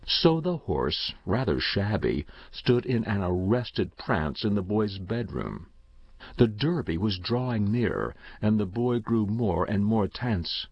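A man narrating a short story aloud in an expressive, measured reading. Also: on the low side, husky, no room sound. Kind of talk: audiobook reading. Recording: dull, dry recording.

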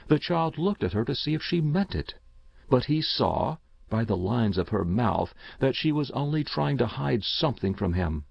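A man reading a short story aloud as narrator, slow and expressive. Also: medium pitch, creaky, breathy edge, no room sound, dull audio.

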